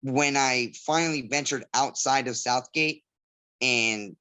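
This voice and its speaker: Slow and sharp-toned, this mid-range male voice belongs to an MMA fighter guest from Southgate, California. Chatting casually in an interview, he rambles through anecdotes and mimics other people's voices.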